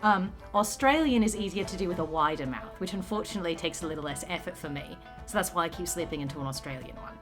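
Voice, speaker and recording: A tired woman streaming a detective game, chatting casually with a giggly, halting manner. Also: on the low side, music in the background. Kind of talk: casual chat.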